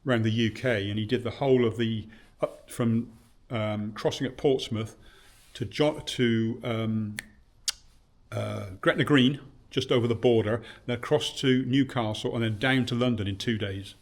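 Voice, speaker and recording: A man's voice: mid-range voice, steady tone, normal speed. A man who runs a bike shop, reminiscing casually on camera in his shop, rambling with many fillers and restarts and acting out remembered conversations. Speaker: bike shop owner and vlogger.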